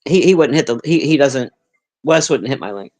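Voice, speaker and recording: Her voice is extremely low and a bit dark, yet her intonation stays lively at a normal speed. She's a streamer ranting casually as she reads chat, swearing bluntly, talking right to viewers and sighing between thoughts.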